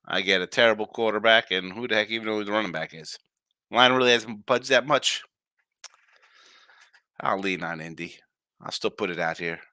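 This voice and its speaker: A man's voice: mid-range voice, bright, forceful tone, no room sound, studio quality. A man hosting a live sports betting show, giving brash, jokey picks and chatting with viewers in the comments.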